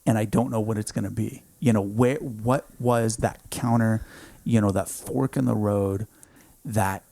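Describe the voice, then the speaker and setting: A man in his thirties, a podcast guest in a home studio, telling a story in an intense, emphatic way, often saying "dude" and swinging between hushed and loud. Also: on the low side, fairly even intonation, measured pace, creaky, no echo. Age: 30s. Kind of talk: casual storytelling.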